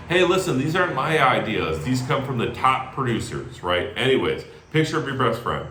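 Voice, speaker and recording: An energetic man coaches a team on sales calls and often checks in with "right?". His pitch swings widely as he talks. The voice rings in an echoey room. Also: moderate pace, hardly any pauses, slight background noise. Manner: energetic, animated, tags lines with "right?". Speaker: sales call trainer. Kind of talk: training talk.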